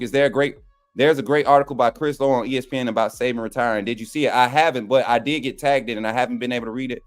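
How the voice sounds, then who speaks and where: A young man, a co-panelist on a sports show, chatting casually and folksily with his viewers. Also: mid-range voice. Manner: relaxed, folksy, addresses viewers as y'all. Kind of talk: casual live stream chat.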